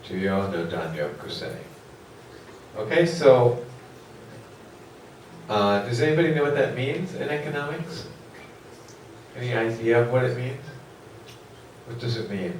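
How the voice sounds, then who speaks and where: A man's voice: medium pitch, expressive, measured pace, long pauses, a little hiss or hum. A man giving a classroom economics lecture, rambling and putting questions to the class, with many fillers. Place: lecture hall. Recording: echoey lecture hall from far off.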